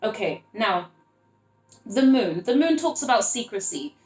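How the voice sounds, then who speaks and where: A woman's voice: medium pitch, big pitch swings, measured pace, darkish tone, roomy sound, faint music behind. A young woman doing a casual tarot reading to camera, gushing and emotional, and talking straight to her viewers. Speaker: tarot reader.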